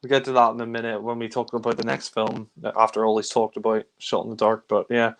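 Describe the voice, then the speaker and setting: A man's voice: on the low side, monotone, quick pace. A man reviewing films in casual chat, giving a rambling, loose recap of the plot. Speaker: film reviewer.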